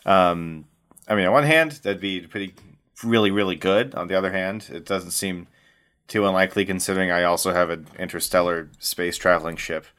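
A man taking part as a player in a tabletop game, joking and thinking aloud with halting speech. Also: sits low, a bit bright. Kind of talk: casual chat.

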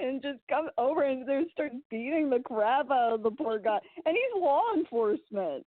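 A woman chatting casually about a film, retelling scenes in an animated, rambling way with lots of filler words. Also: high voice, normal speed, hardly any pauses. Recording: tinny phone-like sound.

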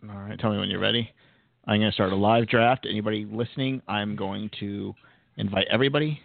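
A man's voice: lowish voice, fairly even intonation, fast, creaky, no echo. A man co-hosting a podcast in casual chat, teasing and often laughing. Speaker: podcast co-host. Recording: tinny phone-like sound.

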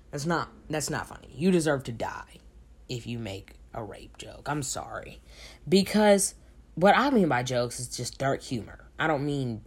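A man's voice: medium pitch, husky. A young man hosting a casual solo advice podcast late at night, sleepy, emphatic and repeating words for stress. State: sleepy, recording at 3 a.m. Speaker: podcast host. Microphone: home podcast mic.

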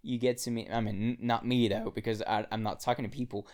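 A man's voice: mid-range voice, level tone, quick pace, a little mellow. A young man hosting his own podcast, talking alone and casually from an apartment in the mountains, rambling and swearing with lots of restarts. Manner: rambling, profane, frequent restarts. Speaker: podcast host. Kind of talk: casual solo podcast monologue. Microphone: own podcast microphone.

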